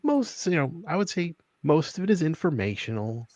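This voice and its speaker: A man's voice: on the high side, sing-song, normal speed, a little mellow, no echo. A man co-hosting a podcast, chatty and wry in casual sports talk. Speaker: podcast co-host.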